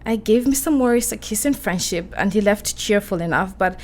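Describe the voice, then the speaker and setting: A woman's voice: mid-range voice, lively intonation, a little fast, close to an everyday voice. A woman playing a romantic, emotional young English woman in a radio play, talking in a breathless, girlish way. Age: young adult.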